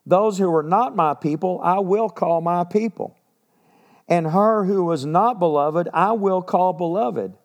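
Brief: high-pitched middle-aged male preacher, reads scripture, drops into casual asides. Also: a little mellow. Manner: reads verses then breaks into casual asides. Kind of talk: sermon reading and explaining scripture.

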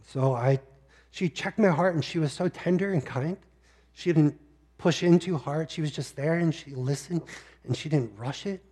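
A male pastor preaching a sermon, telling a personal story with deep emotion and sometimes close to tears. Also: a little slow, dark tone, husky.

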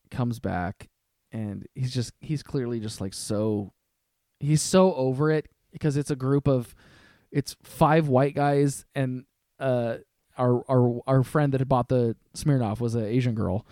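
Young male podcast guest, clear and smooth, lively storyteller who acts out voices, dry studio sound. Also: mid-range voice, a little slow, dry recording. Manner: animated, acts out other people's lines in quotes. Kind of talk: casual storytelling.

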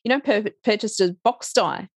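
A woman's voice: medium pitch, moderate pace, husky, no echo. Woman, middle-aged, chatty interview guest, frequent laughter, dry recording. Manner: chatty, laughs often, many restarts and fillers. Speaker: interview guest, life coach. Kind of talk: casual interview chat.

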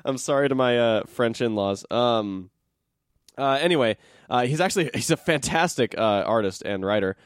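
A man's voice: mid-range voice, animated, normal speed, clear, resonant tone, no room sound, clean studio sound. A man hosting a podcast, chatting casually about comic news in a loose, jokey way with lots of fillers. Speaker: podcast host.

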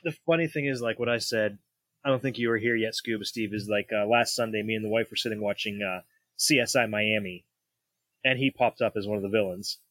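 A man's voice: on the low side, steady tone, fairly quick, fairly bright tone, no room sound. A man co-hosting a casual horror movie podcast, laughing, teasing and swearing as he chats. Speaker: podcast co-host. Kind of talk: casual movie review chat.

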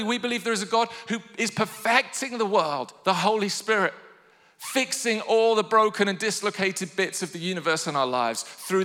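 A man preaching a sermon with passion, sometimes rising to shouted calls to his listeners. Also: high voice, long reverb tail. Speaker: pastor.

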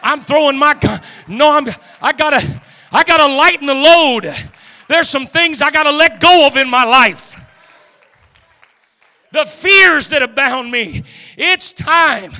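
A man preaching an impassioned sermon, acting out voices and swinging from shouts to hushed lines. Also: very high voice, a little slow, long reverb tail. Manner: dramatic, acts out the beggar's inner voice, swings from shouting to hushed.

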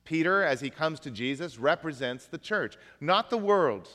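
A man's voice: on the high side, lively intonation, normal speed, a bit bright, big-room sound. A man preaching a sermon as pastor, conversational and folksy, mixing jokes into the message. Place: church.

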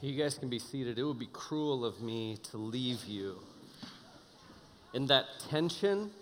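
A young man preaching to students as a youth pastor, telling the story in a casual, animated way with many fillers. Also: medium pitch, unhurried, a little hiss or hum. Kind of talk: sermon. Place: church auditorium. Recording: large hall with long reverb, faint music.

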